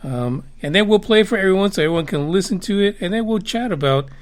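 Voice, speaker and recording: A man's voice: high voice, expressive, fast talker. Rambling male podcast host. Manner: rambling, many fillers and restarts. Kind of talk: casual interview.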